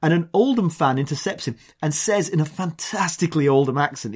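A man's voice: a little high, brisk, breathy edge. An English man co-hosting a podcast, chatting casually and telling an anecdote with quoted voices. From England. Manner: animated storyteller, mimics accents in quotes. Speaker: podcast co-host. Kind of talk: casual chat.

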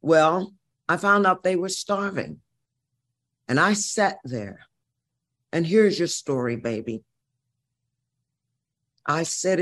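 Slow, brassy woman in her sixties. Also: on the low side, animated, a bit bright. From Missouri, USA. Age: 60s. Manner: brassy, profane, dramatic storyteller. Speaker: guest. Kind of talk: storytelling interview.

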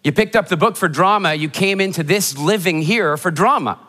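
A motivational speaker telling funny stories in a keynote talk before a live audience, animated and acting out the voices of people in his stories. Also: sits high, normal speed. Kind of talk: humorous storytelling keynote talk. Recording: hall reverb of a live talk.

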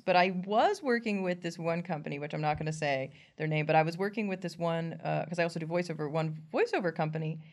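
A woman comedian in an interview, talking casually and animatedly, laughing often and acting out what people said. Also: on the low side. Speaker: comedian guest.

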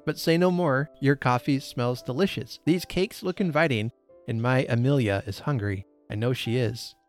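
A man voicing a cheerful young gentleman who posed as Santa Claus, teasing and bright. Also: mid-range voice, moderate pace, soft background music, lightly acted. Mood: jovial.

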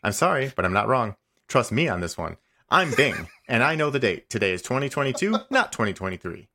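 A man reading the lines of a stubborn, passive-aggressive male AI chatbot in a comedy podcast, insisting he is right and tacking on a deadpan "smiley face". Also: mid-range voice, brisk, full character voice. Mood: defensive. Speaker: podcast host. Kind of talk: comedic dramatic reading of a chat log.

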